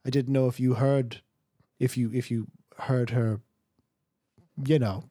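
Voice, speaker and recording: A man's voice: mid-range voice, steady tone, a little slow, dark tone, dry recording, studio quality, close to an everyday voice. A man playing a fumbling husband who talks in hesitant, stammering restarts. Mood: awkward.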